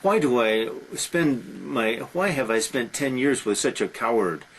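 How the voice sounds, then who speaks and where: A man's voice: medium pitch, expressive, a little slow, fairly bright tone, a little hiss or hum, rough recording. A man voicing an angry, reproachful woman, Helen of Troy, in a storytelling retelling. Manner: bitter, reproachful.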